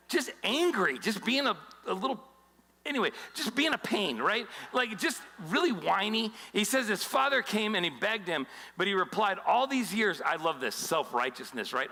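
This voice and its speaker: Bright-voiced pastor guy, kinda high, cracking jokes mid sermon, echoing around a church hall. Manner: joking, animated storytelling with quick voices for quotes. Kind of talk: casual conversational sermon. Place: church auditorium.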